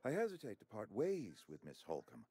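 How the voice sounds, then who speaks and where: A pompous middle-aged administrator from a video game, formal and fussy, buttering up every stranger. His voice is husky, and his pitch swoops wildly from line to line. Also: wildly swooping pitch, moderate pace, mellow, soft background music, full character voice. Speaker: game character.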